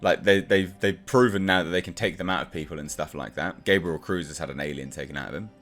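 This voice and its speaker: A man's voice: sits low, fast, fairly bright tone, faint music behind. A man reviewing a comic book in a casual, exasperated and sarcastic rant.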